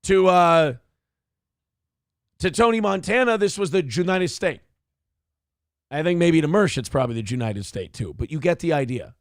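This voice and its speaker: A man's voice: on the high side, expressive, normal speed, pauses often, dry recording, clean studio sound. A man from Minnesota hosting a casual commentary show, ranting sarcastically and swearing freely. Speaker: host.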